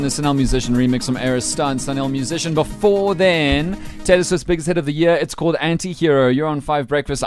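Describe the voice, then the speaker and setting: A man with a Cape Town South African accent hosting a breakfast radio show, teasing and joking with quick banter. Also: medium pitch. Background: music bed.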